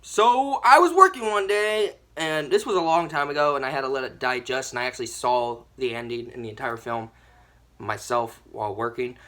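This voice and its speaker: A young woman giving a ranting movie review, animated and exasperated, with mild swearing. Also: a bass voice, moderate pace.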